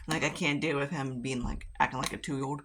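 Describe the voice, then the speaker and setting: A woman's voice: a bass voice, fairly even intonation, a little fast, background noise. A woman chatting casually while doing her makeup, rambling and swearing freely. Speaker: beauty vlogger. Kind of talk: casual get-ready-with-me chat.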